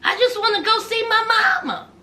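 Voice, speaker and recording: A woman's voice: very high-pitched, fairly quick, sharp tone, voice pushed up. A woman quoting a young man just out of prison, offhand and evasive.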